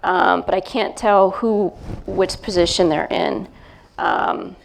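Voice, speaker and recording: A middle-aged woman, a psychic medium, gives a gentle, hesitant live reading before an audience, pausing often as she feels her way. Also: lowish voice, creaky, slight background noise. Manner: gentle, hesitant, feeling her way with many pauses. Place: event talk in front of a live crowd.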